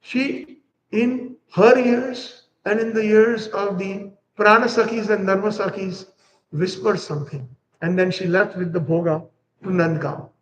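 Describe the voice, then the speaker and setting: A man's voice: high-pitched, fairly even intonation, unhurried, a little hiss or hum, rough recording. A man giving a devotional lecture, animatedly telling a story and acting out its characters. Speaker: spiritual teacher.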